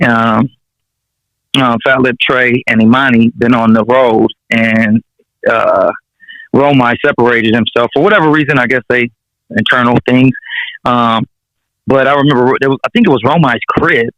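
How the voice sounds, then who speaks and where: A man tells stories in a relaxed, slangy way, often swearing and chuckling between anecdotes. His voice sits at an ordinary middle pitch. The sound is dry and a little dull, with the highs rolled off. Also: normal speed, no echo. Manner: laid-back, slangy and profane, chuckling through anecdotes. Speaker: rapper guest. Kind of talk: casual storytelling interview.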